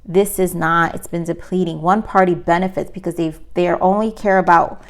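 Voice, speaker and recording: Tarot reader, woman, slightly low voice, earnest and repetitive delivery. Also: steady tone, moderate pace. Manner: earnest, emphatic, repeats herself. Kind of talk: tarot reading for viewers.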